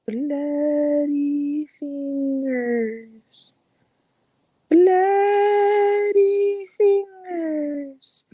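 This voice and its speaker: Woman doing a moaning high ghost voice for a campfire story, drawn way out. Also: fairly even intonation, extremely slow, mellow, no room sound, dull audio. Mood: eerie. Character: eerie disembodied ghost voice chanting slowly. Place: outdoors by a campfire.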